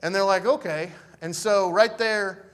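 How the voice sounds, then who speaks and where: A young man tells a personal story to a live audience in an easygoing, joking way, slipping into the voices of the people he met. His voice sits high for a man and swings widely as he acts out each exchange. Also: a little slow, fairly bright tone. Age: young adult. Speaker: speaker telling a personal story.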